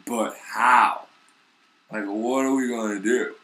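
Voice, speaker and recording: A man voicing scheming male Pharisees who plot in low, swearing grumbles. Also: fairly even intonation, slow pace, sharp tone, rough recording.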